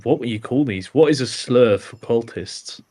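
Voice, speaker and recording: A man playing a tabletop game, describing his character's actions in a halting way with frequent pauses. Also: medium pitch, a little mellow. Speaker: player. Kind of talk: casual tabletop chat.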